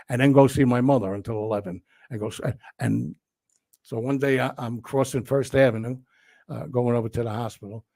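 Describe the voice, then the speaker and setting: Older New man telling stories. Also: medium pitch. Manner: animated, profane storyteller who acts out quotes. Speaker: guest. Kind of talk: casual storytelling interview.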